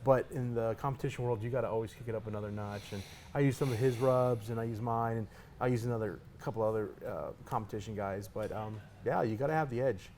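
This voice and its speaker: A man who is a competition pitmaster talks in a rapid, punchy rush. He repeats words when he gets excited and drives every point home. Faint noise sits under his voice. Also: on the low side. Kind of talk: casual interview talk.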